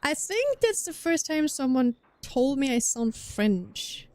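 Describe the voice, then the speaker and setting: German girl streaming and chatting, kinda high voice, rambly, laughs a lot, dry mic. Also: big pitch swings, takes it slowly, a little mellow, no echo. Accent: German, with a slight Scandinavian tinge. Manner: chatty, rambling, restarts often, laughs easily. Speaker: livestream streamer. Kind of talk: casual chat with viewers while gaming.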